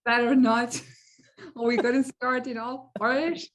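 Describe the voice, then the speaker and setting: Calm, reassuring woman coach. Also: fairly high pitch, a little slow. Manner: calm, reassuring explaining, laughs easily. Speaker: anxiety coach. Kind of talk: casual explanatory talk.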